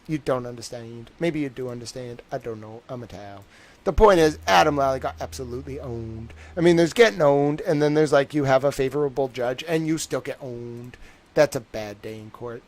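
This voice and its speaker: Boston dude doing casual trial commentary on his stream, slangy, keeps repeating the punchline, mid-pitched voice. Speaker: livestream host.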